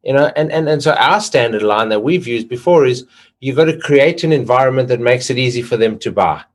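A man hosts a sales interview. He often restarts and repeats words while he works toward his question. His voice sits at a middle pitch. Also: expressive, fairly quick. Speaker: podcast host. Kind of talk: interview chat.

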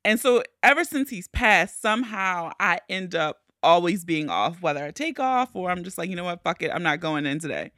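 A young woman hosting a podcast, telling a story in a casual, animated way, swearing freely and shrieking when she acts out moments of panic. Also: fairly low pitch, moderate pace, few pauses, dry recording, studio quality. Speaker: podcast host.

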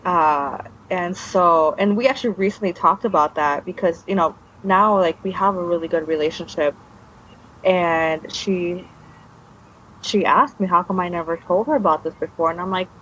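A woman recounts her own story as a guest in a relaxed interview. She meanders, trailing off and restarting her sentences. Her voice sits fairly low and comes through a dull, lo-fi recording. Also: moderate pace, slight background noise. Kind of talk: casual personal storytelling.

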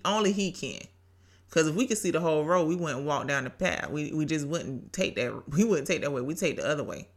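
Bright-voiced woman preaching casually. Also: on the low side. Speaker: podcast host. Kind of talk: faith-based solo podcast talk. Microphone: home podcast mic.

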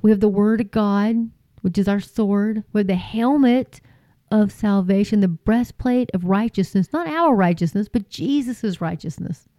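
A woman's voice: medium pitch, unhurried, dark tone, no echo. A woman preaching informally and earnestly to her viewers, folksy and repeating phrases for emphasis. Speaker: Christian YouTube preacher.

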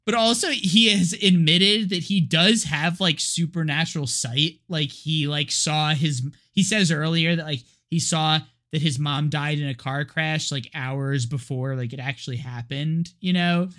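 Excitable, bright-voiced male podcast host. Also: a little high, a little slow, hardly any pauses. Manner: laughs often, heavy filler words, excitable. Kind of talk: casual movie discussion.

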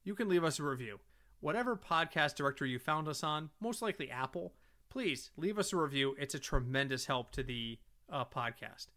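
A middle-aged man co-hosting a casual podcast, an animated storyteller who swears freely. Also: fairly high pitch. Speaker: podcast co-host.

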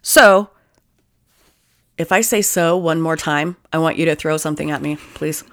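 A woman co-hosting a podcast, telling stories in a profane, animated way. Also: sits low, moderate pace, slight background noise. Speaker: podcast co-host. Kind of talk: casual chat.

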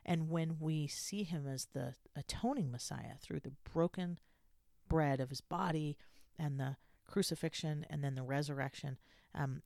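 A woman giving a casual scripture lesson in a conversational, halting way with many restarts. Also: low voice, gravelly, darkish tone, no echo, studio quality. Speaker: scripture teacher.

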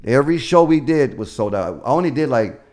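A man's voice: medium pitch, lively intonation, brisk, darkish tone. A middle-aged man, a stand-up comedian, telling stories in casual chat, acting out the voices of the people he quotes and swearing freely.

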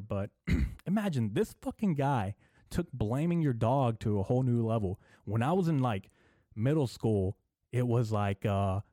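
A young man hosting a comedy podcast, rambling through a profane, deadpan monologue full of filler words. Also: mid-range voice, dry recording, studio quality. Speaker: podcast host.

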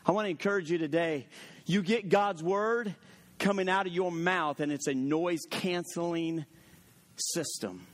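A male pastor with a notably high voice delivers a lively sermon. He mixes personal stories with scripture and rises in volume for emphasis, a preacher in his late thirties or forties. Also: measured pace. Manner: animated, storytelling preacher who gets loud for emphasis.

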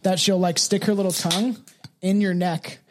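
Laid-back and quick to laugh, a man co-hosting a casual chat show reads folklore aloud and swears a lot. His voice is high with fairly even intonation at normal speed, and there's a little hiss or hum.

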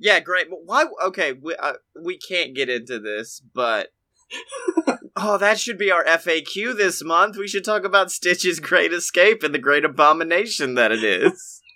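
A man with a very bright, slightly high voice talks excitedly in a casual podcast chat. He laughs often and climbs in pitch and volume when he gets worked up about something. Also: measured pace. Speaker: podcast co-host.

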